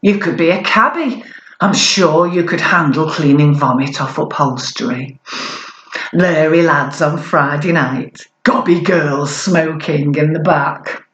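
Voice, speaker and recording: A woman's voice: deep voice, measured pace, roomy sound, dull audio, pitched below the performer's own voice. A woman playing a glamorous royal wife, breezy and mocking, as she imagines the couple living poor.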